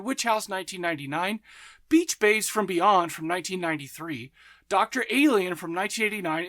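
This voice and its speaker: A man's voice: high voice, a bit bright. A man hosting a horror movie podcast, talking casually and enthusiastically, rambling and correcting himself often. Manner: enthusiastic, rambling, self-interrupting; laughs and acts out voices in anecdotes. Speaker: podcast host. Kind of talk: casual monologue.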